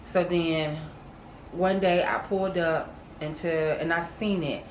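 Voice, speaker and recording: A woman's voice: lowish voice, steady tone, slow, roomy sound, a little hiss or hum, rough recording. A woman co-hosting a casual talk, earnestly telling a personal testimony and calling her viewers y'all. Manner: earnest storytelling, acts out quoted voices, addresses viewers as y'all. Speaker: co-host.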